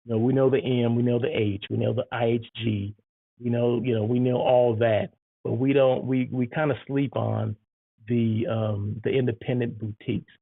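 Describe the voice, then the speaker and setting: In a tinny, phone-sounding recording with a dry character, a male hotel site selection planner and vlogger chats casually to the camera, repeatedly asking "right?" and "okay?". He speaks in a mid-range voice at normal speed with a steady tone, vocal fry and a breathy edge.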